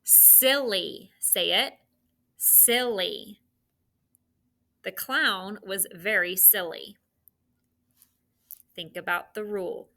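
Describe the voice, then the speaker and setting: A woman teacher dictating spelling sounds and words to students, with slow, clearly enunciated delivery. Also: medium pitch, bright, forceful tone.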